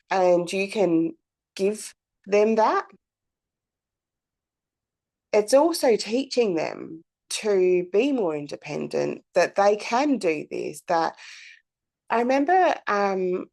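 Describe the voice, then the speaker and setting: A woman's voice: mid-range voice, creaky, darkish tone. A woman, hosting her own podcast in a candid, chatty monologue full of fillers and the odd swear word. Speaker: podcast host. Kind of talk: casual reflective monologue.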